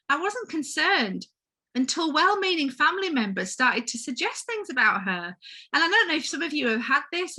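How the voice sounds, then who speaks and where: A woman's voice: fairly high pitch, sharp tone. A woman giving a personal conference talk as a home-educating mother, speaking earnestly and heartfeltly and addressing the audience directly.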